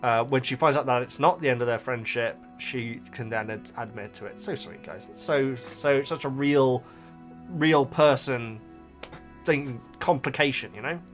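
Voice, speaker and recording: A man hosting a casual book reaction, animated and emotional, with frequent restarts. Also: mid-range voice, moderate pace, soft background music.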